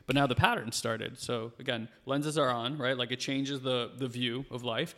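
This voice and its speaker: A man in his thirties, a podcast guest in casual conversation, talking fast and animated with lots of fillers. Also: mid-range voice, long reverb tail.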